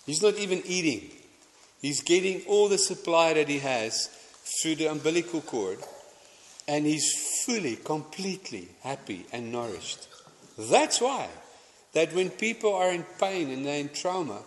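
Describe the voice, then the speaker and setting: A man's voice: a little high, sing-song, unhurried. A man preaching a sermon, chatty and anecdotal, often restarting his sentences. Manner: conversational, anecdotal, stumbling restarts, mixing in Afrikaans phrases. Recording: long hall reverb.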